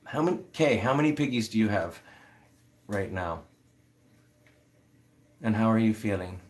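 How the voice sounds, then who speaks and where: A man's voice: on the low side, expressive, measured pace. A man hosting a casual livestream, rambling with many fillers as he answers viewer comments. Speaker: livestream host.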